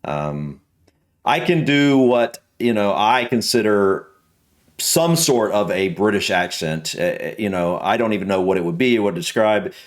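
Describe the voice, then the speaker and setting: A man's voice: fairly low pitch, expressive, measured pace. An American man hosting a reaction video, talking casually and hesitantly with many ums and restarts. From United States.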